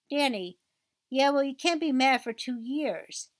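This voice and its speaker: A woman's voice: high voice, animated, measured pace, dry recording. A woman reading a phone call transcript aloud, naming each speaker before their lines. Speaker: essay video narrator.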